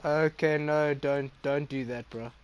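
A man's voice: on the high side, fairly even intonation, unhurried, clear, resonant tone. A young man chatting casually while streaming a game, swearing loosely and laughing often. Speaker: gaming streamer.

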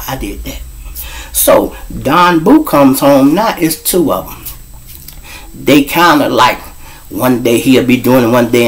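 A man's voice: medium pitch, low-quality recording. A middle-aged man, hosting his show and telling street stories animatedly, acting out scenes with sound effects and voices. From Chicago. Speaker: show host and storyteller. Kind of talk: street storytelling monologue.

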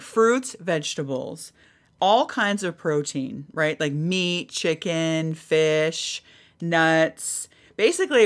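A woman in her forties hosting a podcast, telling a personal story in an animated way, laughing often and acting out what people said. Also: fairly low pitch. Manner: animated, laughing, acts out quotes. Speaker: podcast host.

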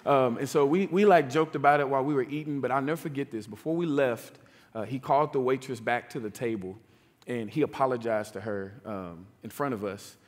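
A man's voice: medium pitch, brisk. A man preaching a sermon in a conversational way, often checking in with "right?" and "like". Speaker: pastor. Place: church sanctuary. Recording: long church hall reverb.

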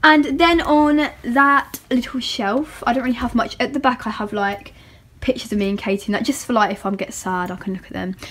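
A woman's voice: fairly high pitch, fairly quick, a bit bright. A young woman vlogger chatting casually and rambling as she shows off her bedroom, with many fillers and giggles. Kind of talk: casual room tour.

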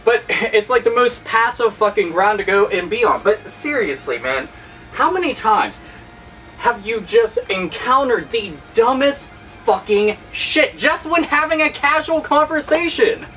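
A man's voice: extremely high pitch, lively intonation, a little slow, pushed and bright, recorded from a distance, soft background music. A man hosting a gaming video, delivering a heated, sarcastic, profanity-laced rant. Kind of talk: angry rant vlog.

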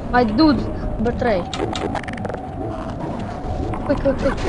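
Woman, high voice, excitable gameplay commentary, swearing and yelling, loud game noise behind. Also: slow pace, pauses often. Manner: excitable, swearing, shouting at enemies. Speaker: gameplay streamer.

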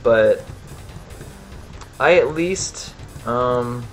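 A man's voice: mid-range voice, lively intonation, drawn-out words. A man casually commenting on his own game stream, often breaking into exasperated swearing when things go wrong. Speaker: gamer streaming a playthrough. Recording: game music and sounds behind.

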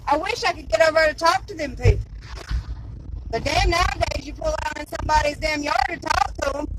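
A woman's voice: high-pitched, brisk, noisy background. A woman vlogging casually, blunt and indignant, swearing freely. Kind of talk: casual vlog.

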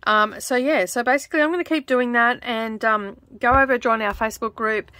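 An Australian woman chatting casually as she stitches, rambling and laughing often, keeping her voice lowered toward a close microphone in her home craft studio. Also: brisk, sharp tone. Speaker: craft vlogger. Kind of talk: casual chat while stitching. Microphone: close microphone in front of her.

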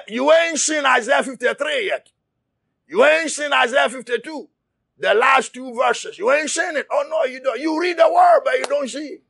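Man, fiery sermon, high gravelly voice, slow shouted delivery, dry sound. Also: no room sound. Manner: shouting and preaching, repeats words, cries out. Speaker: preacher.

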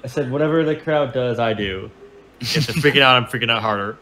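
A man's voice: mid-range voice, fast, pushed and bright, a little hiss or hum. A man joking around as a player in a casual tabletop role-playing game. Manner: playful, joking.

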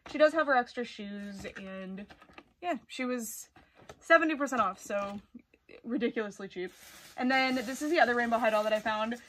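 Excitable young woman, rather high. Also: moderate pace, slight background noise. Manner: excitable and gushing, with frequent exclamations. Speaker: doll collector vlogger. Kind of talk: casual doll hunt and haul vlog. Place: busy retail store, indoors.

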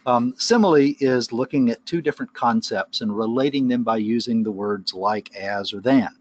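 A man's voice: medium pitch, normal speed, lo-fi sound. A man presenting a webinar lecture on the brain, explaining with analogies and casual asides. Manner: conversational, wanders into asides and analogies.

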